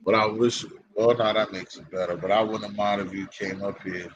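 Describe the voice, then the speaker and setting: A man with a low voice chats in loose, easy slang. A faint hiss of noise sits under the recording. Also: normal speed, dull audio. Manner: relaxed, loose slang banter. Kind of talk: casual chat.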